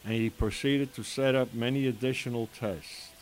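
An older man slowly telling his own emotional story as a father, in an earnest way with quoted dialogue. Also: mid-range voice, steady tone. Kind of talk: personal testimony storytelling. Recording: faint hiss behind the voice.

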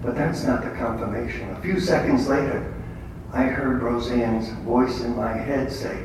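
A man's voice: mid-range voice, fairly even intonation, moderate pace. Man preaching in an echoey room. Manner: conversational storyteller with blunt humor. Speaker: lay speaker at a faith gathering. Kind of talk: testimony-style religious talk. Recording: echoey room from far off, faint noise.

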